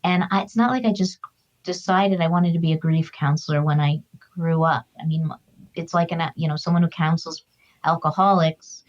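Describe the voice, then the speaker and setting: Earnest middle-aged woman, lower voice. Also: steady tone, moderate pace, muffled recording. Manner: emotional, earnest and reflective. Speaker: guest, author and grief counselor. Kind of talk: heartfelt conversational storytelling.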